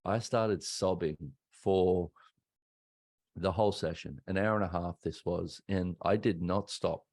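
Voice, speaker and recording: A man's voice: low voice, fairly even intonation, unhurried, a little mellow, no room sound, studio quality. An Australian man in his thirties, a podcast host telling a candid personal story in a casual, conversational way. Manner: candid, conversational, acts out quoted voices.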